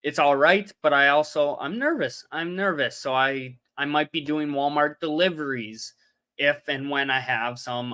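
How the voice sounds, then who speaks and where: Young man, livestream host, casual rambling chat, bright forceful tone. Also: fairly high pitch. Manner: rambling, loses his train of thought. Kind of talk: casual live-stream chat.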